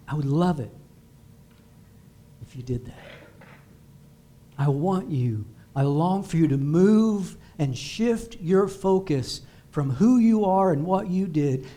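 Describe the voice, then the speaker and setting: Slow, emphatic preaching pastor, a man. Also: on the high side, warm tone. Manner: emphatic preaching with repeated declarations. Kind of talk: sermon. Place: church sanctuary.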